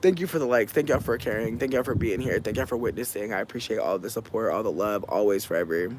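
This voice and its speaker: A man's voice: fairly low pitch, fast, a little hiss or hum. A man in a casual livestream, animatedly telling a family story with profanity and laughs while thanking viewers. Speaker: live streamer.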